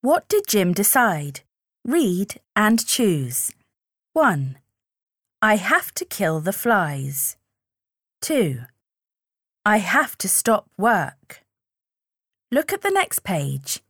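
Very slow woman reading quiz questions. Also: mid-range voice, very animated, fairly bright tone, dry recording, clean studio sound. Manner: very slow, measured, instructional. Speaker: exercise reader.

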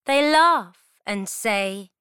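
A woman reading a simple children's story aloud slowly, as a teacher. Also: on the high side, animated, sharp tone, clear, resonant tone, no room sound, clean studio sound.

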